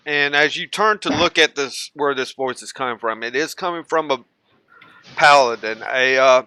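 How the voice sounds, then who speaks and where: A young man narrating a tabletop game as game master, slow and halting with fillers. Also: medium pitch, pushed and bright, clear, resonant tone, low-quality recording.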